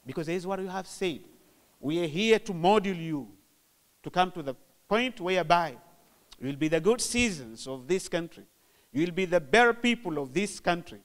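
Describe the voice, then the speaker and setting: A man's voice: high voice, fairly bright tone, clear, resonant tone. Tanzanian man giving a formal opening speech. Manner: measured, repetitive, formal phrasing. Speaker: guest of honour opening a conference.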